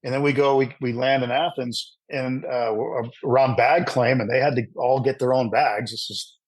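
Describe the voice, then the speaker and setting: A man's voice: medium pitch, normal speed, slightly rough, dry recording, poor audio. Dry-sounding middle-aged male broadcaster. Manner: animated anecdotal storyteller with fillers. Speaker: sports broadcaster. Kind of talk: storytelling in an interview.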